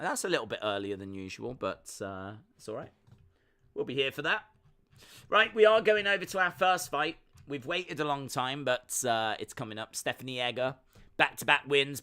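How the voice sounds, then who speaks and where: Man, live stream host, rambling jokey chat, bright voice. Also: mid-range voice. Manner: chatty, jokey, rambling asides. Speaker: watch-along stream host.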